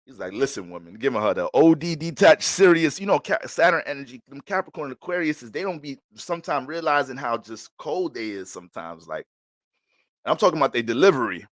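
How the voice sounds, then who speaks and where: Profane, animated New man. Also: a little high, a little fast, no echo. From New York. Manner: profane, laughing, animated, rambling. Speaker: astrology reader. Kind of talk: casual livestream reading.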